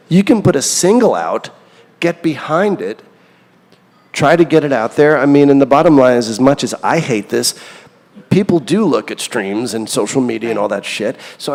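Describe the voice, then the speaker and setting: Heard in a large hall, a middle-aged man with a medium-pitched, darkish voice is interviewed casually about his work as a songwriter. He rambles, speaks openly, and often pokes fun at himself.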